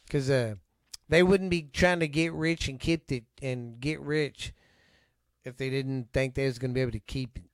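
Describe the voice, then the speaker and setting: A man's voice: mid-range voice, no room sound, clean studio sound. Ranting Texan man, swearing a lot. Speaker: podcast co-host. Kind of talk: casual profane chat.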